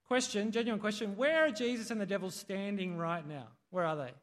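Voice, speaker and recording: A man's voice: high voice, animated, normal speed, long reverb tail. A man preaching a sermon in a conversational way, putting questions to the congregation. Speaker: pastor. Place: church hall.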